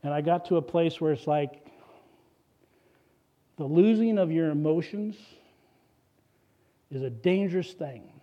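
A middle-aged pastor preaches with earnest, personal storytelling, his voice a little higher than most men's yet mellow and warm in tone. The recording sounds slightly dull and muffled, as if it has lost some of its high end. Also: unhurried, long pauses. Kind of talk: sermon.

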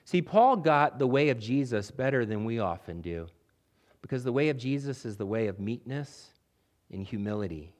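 A man's voice: medium pitch, big pitch swings, normal speed, darkish tone. A man preaching a sermon as pastor, building emphasis with repeated phrases and addressing the congregation directly.

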